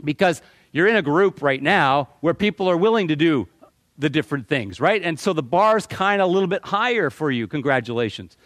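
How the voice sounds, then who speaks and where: A middle-aged man from Canada speaks to a live audience. He is animated and joking, and his voice sits fairly high. He often stumbles and repeats words as he restarts, and the sound is dry and close. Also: fairly quick, dry recording. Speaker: motivational speaker.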